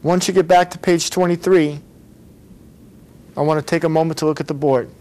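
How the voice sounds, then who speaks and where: A man's voice: on the high side, fairly even intonation, a little fast, warm tone. Patient man teaching English grammar. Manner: patient, repeats model phrases and has learners repeat. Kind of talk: recorded English grammar lesson.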